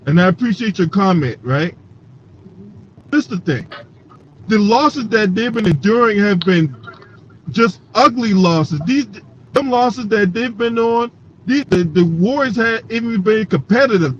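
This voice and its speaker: A man hosting a casual sports talk panel, emphatic and swearing freely. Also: high voice. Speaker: host. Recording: dull lo-fi call audio with faint noise.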